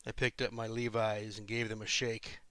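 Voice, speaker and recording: A man, an author and podcast host, reading his own fiction in measured first-person storytelling. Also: lowish voice, completely flat delivery, fairly bright tone, no echo.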